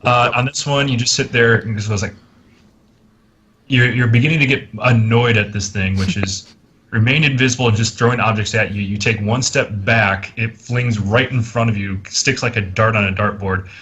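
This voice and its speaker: A man's voice: fairly low pitch, steady tone, normal speed, fairly bright tone, husky, highs cut off. A man running a tabletop game as game master, narrating casually with jokes. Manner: casual, joking, laughs at the table.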